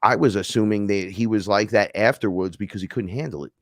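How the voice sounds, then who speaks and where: A man telling a personal story in casual talk, excitable and profane, swinging between loud bursts and hushed asides. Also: fairly low pitch, fairly quick, no room sound, clean studio sound. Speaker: podcast host recounting an experience.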